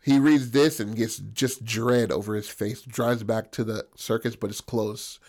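A man's voice: lowish voice, fairly even intonation, measured pace, darkish tone. Profane rambling storyteller man. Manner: rambling, profane, peppered with "bro" and "right?". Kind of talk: crude improvised comic storytelling.

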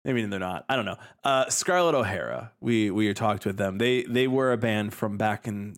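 A man co-hosting a music podcast, joking and chatting loosely with many restarts. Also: lowish voice. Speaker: podcast co-host. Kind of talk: casual podcast chat.

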